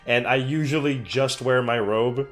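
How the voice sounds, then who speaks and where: A man of middle pitch hosts a reaction video in casual, rambling commentary. He gushes with excitement and swears often, and faint music plays behind him. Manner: excitable, gushing, swears a lot.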